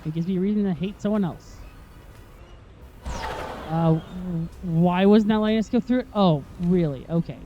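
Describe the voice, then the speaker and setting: A gameplay commentator whose voice is going hoarse, talking through a tricky puzzle and getting more frustrated, swearing and complaining at the game. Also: mid-range voice, normal speed, pauses often, warm tone, lo-fi sound, faint music behind. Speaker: video game let's-play host.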